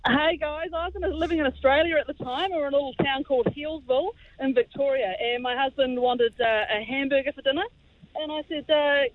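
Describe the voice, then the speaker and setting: A woman caller with a New Zealand accent telling a story briskly over the phone. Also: sits high, steady tone. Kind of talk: phone-in anecdote. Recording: tinny phone line, faint hiss.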